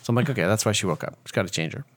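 Young man, podcast co-host, laid-back, dry asides, lively pitch. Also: very fast. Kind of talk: casual chat.

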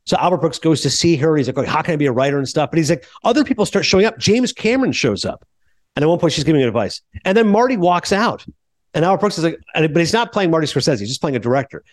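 On his podcast, a man talks fast in a sing-song, higher-than-average voice, swapping film stories with imitated voices and laughter. It's easygoing storytelling chat, recorded without any echo.

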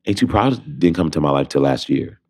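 A man's voice: very deep voice, quick pace. A man in his thirties, an interview guest, telling a story casually and acting out the voices in it. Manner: animated, acts out voices in anecdotes.

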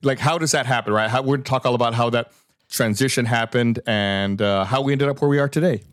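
A middle-aged man hosting a podcast in casual chat, his voice slightly hoarse from a cold. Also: mid-range voice, quick pace, dry recording, clean studio sound. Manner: relaxed, lots of fillers and restarts. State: hoarse, recovering lost voice. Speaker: podcast host.

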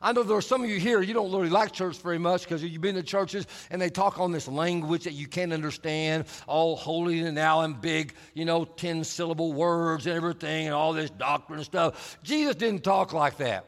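A man preaching a sermon as pastor, emphatic and playful, leaning on deliberate repetition to drive points home. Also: a little high. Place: large church auditorium. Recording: long reverb of a large hall.

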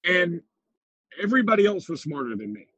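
A man's voice: high-pitched, sing-song, fairly quick, fairly bright tone, slightly rough, no echo, low-quality recording. A man co-hosting a podcast in casual chat, self-deprecating and laughing often. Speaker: podcast co-host.

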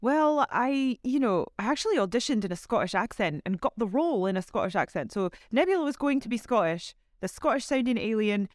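A woman's voice: on the high side, lively intonation, fairly quick, few pauses, no echo, clean studio sound. A woman actor being interviewed, chatting casually with easy laughs and lots of fillers. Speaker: actor guest.

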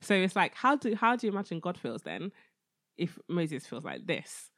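Animated woman retelling Bible stories. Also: lowish voice, moderate pace. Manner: animated, jokey storytelling. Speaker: podcast co-host. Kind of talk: casual Bible chat.

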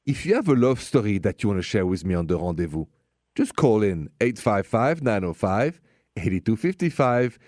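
A male radio host gives relationship advice in an upbeat, emphatic manner. His voice is low, but it rises and falls a great deal. The sound is close and dry. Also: very animated, moderate pace, a little mellow, no echo. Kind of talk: radio advice talk show.

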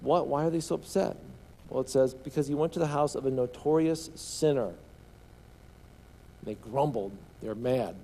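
A man's voice: medium pitch, moderate pace, gravelly, mellow. A male pastor preaching a sermon, drawing the congregation into call-and-response and often restarting his words.

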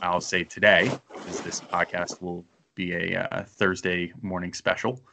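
A man's voice: low voice, level tone, unhurried, vocal fry, noisy background. A man hosting a casual sports podcast, rambling and self-deprecating as he thinks aloud. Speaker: podcast host.

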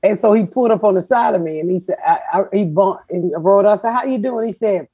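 A middle-aged woman, hosting a podcast and telling profane, animated stories in casual chat. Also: mid-range voice, quick pace, hardly any pauses, breathy edge, no echo. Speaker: podcast host.

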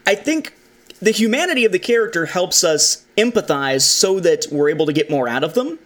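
A man's voice: high voice, lively intonation, brisk, fairly bright tone. A man hosting a casual film discussion, talking with animation and acting out the lines he quotes. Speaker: podcast host.

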